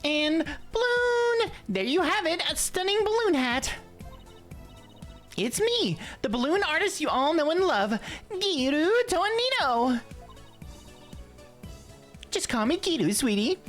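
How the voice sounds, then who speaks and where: A man doing a bubbly clown girl in high falsetto. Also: sing-song, slow, long pauses, fairly bright tone, soft background music, exaggerated voice. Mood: perky.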